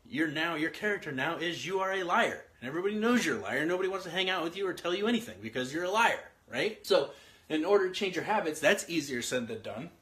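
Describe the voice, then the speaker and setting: A man who sounds about thirty gives a casual, energetic motivational talk at a quick pace with a fairly high-pitched voice. He repeats himself and quizzes his listeners while writing out an outline as he speaks.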